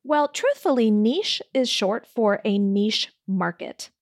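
Woman hosting a coaching podcast, chatty and upbeat, bit of vocal fry, dry close sound. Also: medium pitch, lively intonation, slow, dry recording. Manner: warm, upbeat, direct address to listener. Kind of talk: solo podcast talk.

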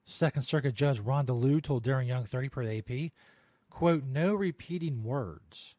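A man hosts a casual podcast, laughing at his own jokes and dropping swear words as he reads out strange news. His voice sits at an ordinary middle pitch. The sound is dry and close, with almost no room echo. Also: moderate pace, mellow. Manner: laughs often, swears, rambling asides. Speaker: podcast host. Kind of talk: casual chat reading odd news.

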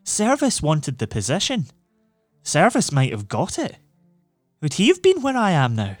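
A man reading an audiobook, voicing a frightened young male student who cries out hoarsely in high, strained tones. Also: wildly swooping pitch, a little slow, no room sound, soft background music, heavily acted. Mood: despairing.

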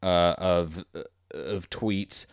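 Sardonic male commentary host, lowish smooth voice, close dry mic, mocking and rambling. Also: steady tone, very slow, dry recording. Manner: sarcastic, rambling, swings between loud and muttered. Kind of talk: reading and mocking tweets.

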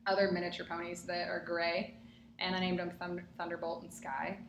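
A woman guest who grew up in a small American country town, telling lively stories in casual podcast chat, peppered with "like". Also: on the low side, normal speed, a little hiss or hum. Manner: animated storyteller, full of "like" fillers. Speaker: guest, personal trainer. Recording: echoey room.

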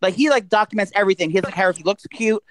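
This podcast co-host's voice sits high and races along, captured on a rough recording with a bit of hiss or hum. He rambles through casual chat loaded with "like" and "um," pausing to read his own promos.

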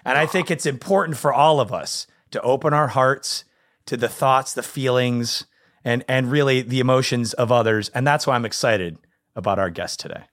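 A man co-hosting a casual gaming chat show, excitable and rambling, his voice leaping up when he gets animated. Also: mid-range voice, moderate pace. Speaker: podcast co-host.

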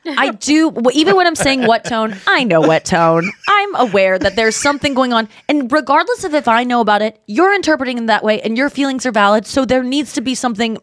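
A woman's voice: a little high, fast talker, dry recording. Chatty woman podcast host, dry close mic. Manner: chatty, animated, acts out quotes. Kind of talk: casual comedic chat.

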